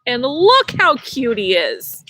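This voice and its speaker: A woman's voice: a little high, takes it slowly, dry recording, low-quality recording. A woman hosting a casual live-stream lesson outdoors by her vegetable garden, talking playfully and straight to her viewers. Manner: animated, playful, addresses viewers directly. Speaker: host teaching kids about gardening.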